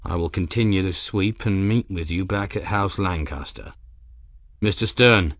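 A man reading an audiobook, voicing a courteous, commanding captain who gives formal orders in a measured, clipped way. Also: low voice, a bit bright, no room sound, clean studio sound. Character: older male airship captain, courteous, commanding.

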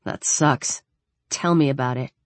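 A woman's voice: very deep voice, unhurried, no room sound. A woman reading an audiobook, voicing an uneasy teenage boy who gives short, reluctant replies.

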